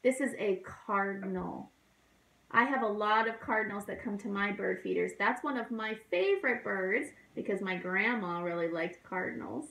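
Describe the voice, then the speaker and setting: A woman who is a children's librarian, leading a toddler storytime in a gentle, encouraging, sing-song teacher voice. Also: medium pitch, moderate pace, vocal fry. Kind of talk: speaking slowly and simply to toddlers. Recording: roomy echo.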